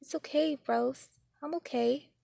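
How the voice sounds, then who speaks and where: A woman voicing a soft, timid little boy. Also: high voice, steady tone, a little slow, creaky, dry recording, clean studio sound, pitched above the performer's own voice, exaggerated voice. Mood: gentle. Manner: soft, small-voiced. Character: small young boy, gentle and timid. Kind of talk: storybook reading.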